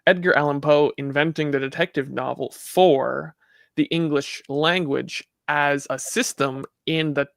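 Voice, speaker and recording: A man's voice: fairly high pitch, fairly even intonation, measured pace, gravelly, fairly bright tone, no echo, studio quality. A man from Canada in casual conversation, talking in a discursive, heady way with many fillers and restarts.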